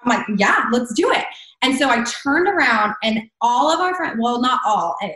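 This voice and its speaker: A fairly high-voiced woman tells a story in a relaxed, chatty way, filling her sentences with "like." The sound is roomy and echoey. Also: normal speed. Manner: chatty, many fillers and "like". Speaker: guest. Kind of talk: casual storytelling.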